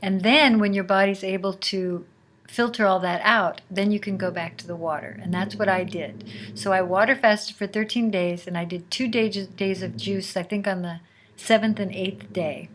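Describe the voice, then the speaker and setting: Soft-spoken woman telling a personal story. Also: medium pitch, fairly even intonation, a little hiss or hum. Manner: unhurried, at times dropping to a near whisper. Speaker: podcast host.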